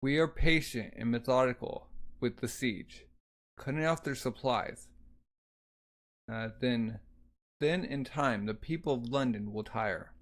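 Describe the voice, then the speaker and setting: A deferential older male advisor, put on by a man reading aloud, answering softly and with hesitation. His speech is slow and measured. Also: mid-range voice, natural voice.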